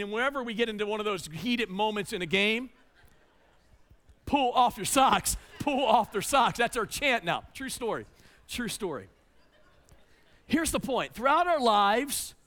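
Male pastor in his forties, high bright voice, storytelling sermon with hushed asides. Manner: storytelling, animated, with dramatic drops to a hush.

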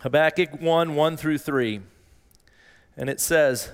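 A man preaching a sermon as pastor, earnest and given to repeating phrases, rising in pitch when he voices a desperate plea. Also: takes it slowly, pauses often, smooth. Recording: long reverb in a large hall.

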